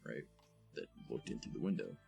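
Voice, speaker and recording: A man's voice: a bass voice, sing-song, fairly quick, creaky, warm tone, soft background music. A young man hosting a live stream, rambling casually, swearing and thanking new followers as he talks. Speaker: streamer host.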